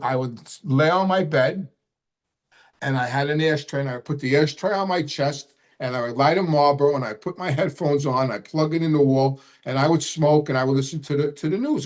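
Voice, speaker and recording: A man's voice: a little high, a little fast. A middle-aged man hosting a live show, telling a personal story in a casual, rambling way, repeating himself and swearing freely. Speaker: host of a live question show.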